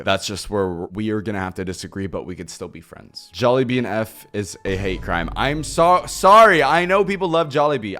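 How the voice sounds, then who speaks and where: A young man streaming from his computer, chatting casually and swinging from loud outbursts to low mutters as he ranks things. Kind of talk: casual live-stream rant. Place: home computer setup.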